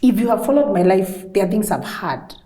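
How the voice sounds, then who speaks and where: An outspoken woman with a Kenyan accent talks candidly as an interview guest, slipping between English and Swahili. Her voice is dark and mellow, and the recording carries a noticeable echo from the room. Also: medium pitch, animated, brisk. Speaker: guest, former radio host.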